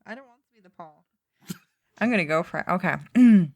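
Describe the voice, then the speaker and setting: A woman's voice: on the low side, expressive, quick pace, dry recording. A woman player in casual banter, giggly and playful. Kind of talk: casual tabletop game banter.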